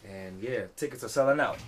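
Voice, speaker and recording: A man's voice: medium pitch, fairly bright tone, a little hiss or hum. A tipsy man hosting a podcast, rambling casually and profanely, with a constant "you know what I'm saying.". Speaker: podcast host.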